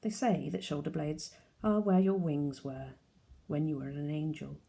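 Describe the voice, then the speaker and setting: Worn-out tearful mum in a storybook read by a woman, low creaky voice. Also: steady tone, measured pace, dark tone. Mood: tender. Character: worn-out mother, tearful and upset.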